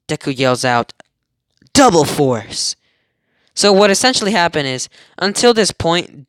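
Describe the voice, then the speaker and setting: A man's voice: on the high side, a bit bright, smooth, dry recording, studio quality. A young man casually retelling a fan story, rambling, giggling and correcting himself as he goes. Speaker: amateur storyteller.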